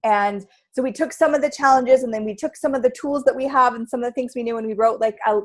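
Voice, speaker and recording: A woman's voice: on the high side, quick pace. Enthusiastic woman workshop facilitator. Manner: enthusiastic, heartfelt, with frequent "like" fillers. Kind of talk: casual interview chat.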